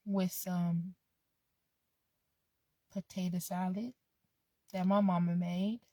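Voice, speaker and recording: A woman's voice: medium pitch, dark tone, no echo. A woman vlogging in a casual, rambling way, laid-back, swearing freely and drifting off on tangents. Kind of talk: casual rambling vlog talk.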